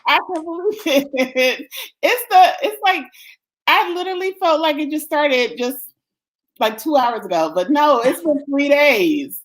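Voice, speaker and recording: Effusive woman host, higher voice. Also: expressive, unhurried, poor audio. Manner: effusive, grateful, laughs often. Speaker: summit host. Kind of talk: livestream closing remarks.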